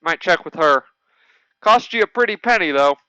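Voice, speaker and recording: A folksy cactus shopkeeper drawling in a put-on cowboy accent, as a man game master plays him. The voice sits high and bright, crisp and dry close to the mic. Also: no room sound, muffled recording. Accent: stereotypical cowboy drawl, put on. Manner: slow, drawling, relaxed.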